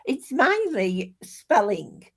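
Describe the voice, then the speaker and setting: A woman with a lively, up-and-down voice asks questions in an online writing workshop. She sounds hesitant and self-deprecating, and her audio comes over a video call. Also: fairly high pitch, extremely slow, breathy edge. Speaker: workshop participant.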